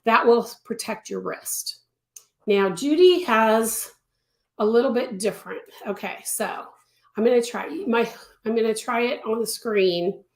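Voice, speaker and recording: A woman's voice: a little high, measured pace. Woman, crochet teacher, live-stream tutorial, chatty, repeats words for emphasis, echoey room. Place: home craft studio.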